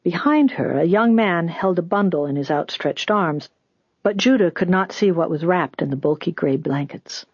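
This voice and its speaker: An audiobook narrator reading a story in an even, deliberate way. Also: mid-range voice, slightly rough, dry recording, lo-fi sound.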